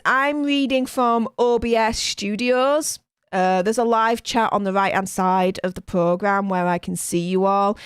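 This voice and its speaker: Lady streamer chatting thru live comments, lively up-and-down voice, smooth and dry. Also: a little high, no echo. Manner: chatty, animated, lots of fillers. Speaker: host reading live chat. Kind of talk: casual live-stream chat.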